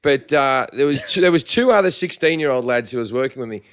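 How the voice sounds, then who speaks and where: Fast-talking Australian man telling stories. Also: medium pitch, lively intonation. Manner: fast, profane, laughing storyteller. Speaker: podcast co-host. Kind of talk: casual storytelling chat.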